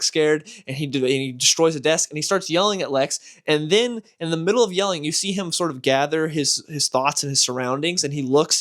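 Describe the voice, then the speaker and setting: A man giving casual, animated commentary as a comic book channel host, exasperated and ranting. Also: on the high side.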